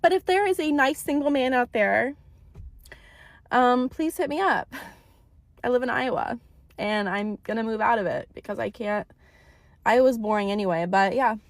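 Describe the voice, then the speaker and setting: A young woman rants into her phone with a high, frustrated voice, swearing and repeating herself for emphasis. The sound is dry and close, with no room around her. She talks in a casual storytime manner. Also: moderate pace, pauses often, dry recording. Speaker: TikTok storyteller. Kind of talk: ranting storytime.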